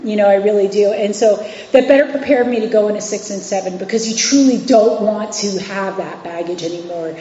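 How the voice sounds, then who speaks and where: A woman's voice: mid-range voice, a little fast, hardly any pauses, warm tone, a little hiss or hum. A woman in her forties from New York City and Virginia, giving a candid, conversational recovery share as a guest speaker at a meeting, with frequent fillers and restarts. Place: meeting hall. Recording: echoey hall, dull lo-fi sound.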